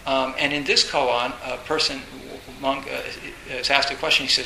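A man's voice: medium pitch, level tone, normal speed, a little hiss or hum. Man giving a rambling, echoey Zen talk. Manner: rambling, repeats phrases, many fillers; acts out inner voices, bursts loud. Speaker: Zen teacher. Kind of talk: dharma talk.

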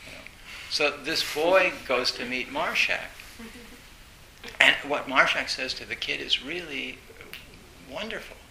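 A man giving an informal dharma talk as a Zen teacher. He speaks haltingly and grows more animated as he retells a story. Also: mid-range voice, gravelly. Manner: halting, storytelling, recounts a film with rising animation. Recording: roomy echo with faint hiss.

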